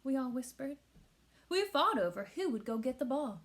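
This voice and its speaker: A woman reading a children's picture book aloud with expressive storytelling. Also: high-pitched, normal speed. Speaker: teacher.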